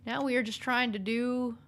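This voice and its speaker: Young female game streamer with a slightly raised pitch, chatty and playful, talking to chat while she plays. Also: fairly bright tone. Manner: chatty and playful, thinking aloud, teasing back at chat. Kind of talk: casual gameplay commentary to a live chat.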